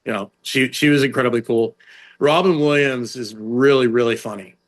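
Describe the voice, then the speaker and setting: A middle-aged man tells stories as an interview guest, loose and chatty, with plenty of "like" and "you know." His voice sits mid-range, and it leaps higher whenever he quotes someone. He keeps restarting his sentences as he goes. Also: moderate pace. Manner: animated storyteller, jumps into higher voices for quotes; many fillers and restarts. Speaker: strength and conditioning coach, guest. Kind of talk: casual storytelling.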